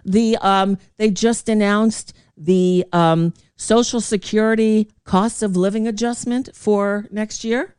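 Chatty older woman, smooth dry voice. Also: medium pitch, fairly even intonation, slow, few pauses, darkish tone, dry recording. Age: 60s. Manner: chatty, laughs often, trails off mid-sentence. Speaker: podcast host. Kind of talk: casual chat.

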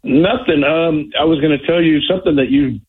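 A man's voice: on the high side, a little fast, slight background noise. Rambling male caller on a tinny phone line. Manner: rambling, hesitant with many fillers. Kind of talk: phone call to a radio show.

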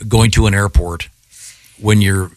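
A man's voice: fairly low pitch, steady tone, a little slow, a little mellow, dry recording, poor audio. A man hosting a talk show, asking questions and reacting with short comments. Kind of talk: casual talk show interviewing.

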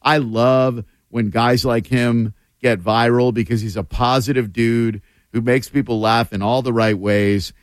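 Male radio host, playful banter, dry booth sound, mid-pitched. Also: smooth, no room sound. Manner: joking, animated, quick impressions. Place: radio broadcast booth at a theme park.

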